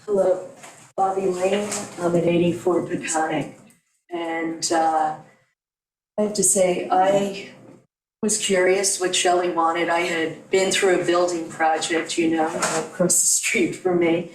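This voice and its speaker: A woman's voice: on the low side, fairly even intonation, takes it slowly, slight background noise. Earnest woman, distant in echoey room. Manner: earnest, digressive. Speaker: neighbor speaking at a public hearing. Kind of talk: public comment at a town board meeting. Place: town meeting room at a podium.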